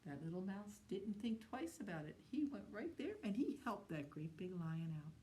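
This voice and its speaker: A woman hosting a library storytime, talking slowly and gently to young children as she tells fables. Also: mid-range voice, slight background noise. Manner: slow, gentle and animated, talking to young kids. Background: autoharp she plays before the story.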